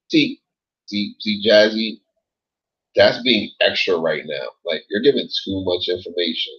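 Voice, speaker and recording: A man talks loosely through a late-night livestream, rambling, cursing freely, leaning on "like" and "yo." His voice sits a little low with a husky edge. The audio comes through dull and lo-fi. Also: normal speed. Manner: laid-back, rambling, swears a lot, says like and yo often. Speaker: livestream host reading chat.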